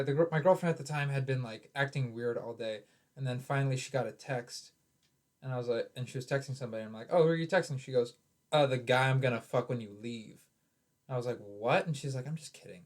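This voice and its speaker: A young man, a comedian co-hosting a podcast, telling stories in casual chat with many fillers and restarts. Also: mid-range voice. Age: young adult. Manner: rambling, storytelling with lots of filler "like". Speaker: comedian co-host.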